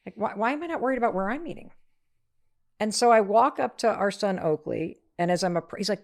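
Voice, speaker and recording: Middle-aged woman guest, medium pitch, gravelly edge, energetic storyteller. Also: a little fast. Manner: energetic, acts out quoted voices. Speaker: author and podcast guest. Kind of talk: animated storytelling in an interview.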